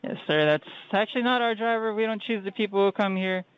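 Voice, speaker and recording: A man's voice: high-pitched, fast, a bit bright, smooth, rough recording. A man working at a restaurant, answering a caller politely and hesitantly, apologizing and saying "sir" a lot. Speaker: restaurant worker on the phone. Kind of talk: phone customer service.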